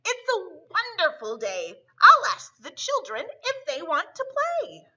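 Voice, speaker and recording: Storybook groundhog, sleepy and stubborn, read by a woman; bright, slow delivery. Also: very high voice, wildly swooping pitch, highs cut off, voice pushed up, full character voice. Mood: cheerful. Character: sleepy, cozy male groundhog.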